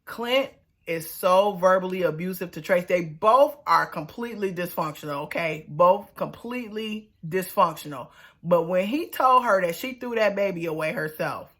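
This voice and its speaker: A woman giving a casual, animated review of a reality TV episode, talking in a colloquial, exclaiming way. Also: on the low side, moderate pace. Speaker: reality TV recap vlogger.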